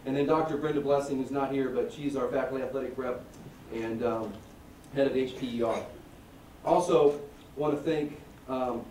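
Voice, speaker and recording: Athletic director at a press conference, folksy, heard from a distance in a roomy hall. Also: male voice, mid-range voice, a little mellow, a little hiss or hum. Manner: folksy, with many fillers and thank-yous. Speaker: athletic director introducing a coach. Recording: roomy echo, voice from far off.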